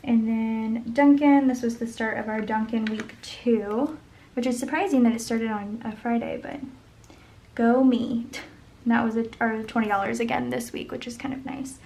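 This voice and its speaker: A woman's voice: on the high side, fairly even intonation, moderate pace, warm tone, poor audio. Chatty woman talking through her budget. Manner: chatty, thinking aloud, murmurs sums under her breath. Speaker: budget vlogger. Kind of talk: casual talk while planning.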